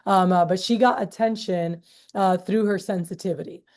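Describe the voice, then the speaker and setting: Woman, 30s, meeting leader, mellow tone, chatty, filler-heavy, acts out quotes. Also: mid-range voice, normal speed. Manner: acts out quoted voices in storytelling. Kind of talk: casual talk to a group.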